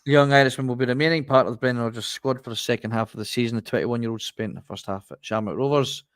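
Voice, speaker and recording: A man's voice: medium pitch, quick pace, no room sound, studio quality. A man co-hosting a football podcast over a video call, talking in a rambling, frustrated way with many restarts. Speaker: podcast co-host.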